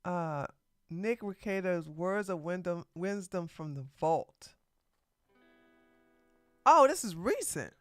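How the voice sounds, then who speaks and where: Woman, stream commentator, rambling casual chat, self-correcting, animated pitch, dry sound. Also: slow pace, pauses often, no echo, soft background music.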